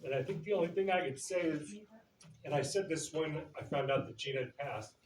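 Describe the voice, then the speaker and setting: A man's voice: a little high, a little fast, a little hiss or hum. A middle-aged man telling a loose, humorous story about his cousin at a memorial gathering, with plenty of fillers and quotes he acts out. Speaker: eulogy speaker, cousin of the deceased. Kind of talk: informal storytelling eulogy. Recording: distant, roomy, with audience murmur.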